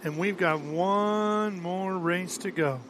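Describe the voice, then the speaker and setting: A man providing race commentary in a brisk, enthusiastic broadcast manner. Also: high-pitched, background noise.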